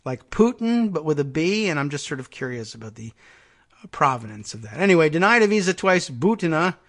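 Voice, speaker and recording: Man, political talk host, sardonic, rambling asides, slightly high voice. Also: very animated, brisk, fairly bright tone. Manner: sardonic, rambling, thinks aloud with many fillers. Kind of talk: casual political commentary, reading articles aloud.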